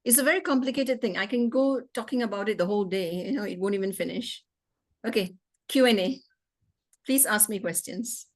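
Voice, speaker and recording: A woman's voice: mid-range voice, brisk. A woman doctor giving an interactive talk with questions and answers over a video call, emphatic and fond of repeating rhetorical questions.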